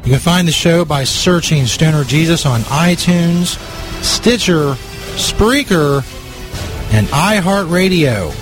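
A man hosts a comedy radio show in a slightly high voice that swings lively up and down. He is brash and mocking, with deadpan bragging. Faint music plays behind him. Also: slow pace, poor audio. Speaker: host.

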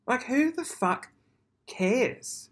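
A man's voice: extremely high pitch, animated, very slow. A man ranting casually to camera, swearing freely and then apologising, in a rambling, self-deprecating way. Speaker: vlogger.

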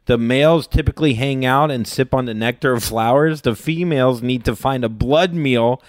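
A man's voice: medium pitch, moderate pace, no room sound. A man co-hosting a podcast in casual chat, laid-back, swearing casually and trailing off. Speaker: podcast co-host.

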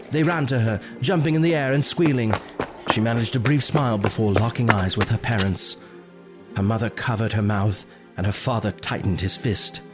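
A male narrator with a mid-pitched voice reads a scripted story in a measured, dramatic way. Soft music plays behind him.

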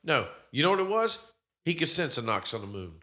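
Lively bright-voiced man recapping a movie. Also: on the high side, a little fast. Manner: animated, profane, laughing retelling. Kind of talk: casual movie recap chat.

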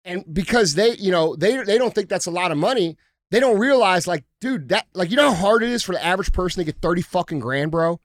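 A man's voice: sits high, lively intonation, fast, dry recording, studio quality. A man hosting a podcast in casual talk, ranting bluntly and heatedly with plenty of swearing. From United States. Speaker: podcast host.

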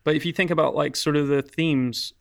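A man's voice: on the high side, fairly even intonation, a little fast, gravelly. A man co-hosting a casual film podcast, talking with many fillers and restarts. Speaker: podcast co-host.

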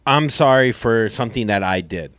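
A man co-hosting a podcast in relaxed, casual conversation. He challenges what his co-host says and asks questions. His voice sits at an ordinary male pitch and sounds dry and close to the mic, with no room echo. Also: normal speed. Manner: pushes back with questions in a conversational way. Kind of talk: casual chat.

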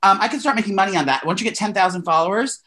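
A man's voice: high-pitched, very fast, sharp tone. A man co-hosting a podcast, chatting casually in a campy, playful way. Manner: campy, playful, calls people "girl". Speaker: podcast co-host. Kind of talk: casual chat.

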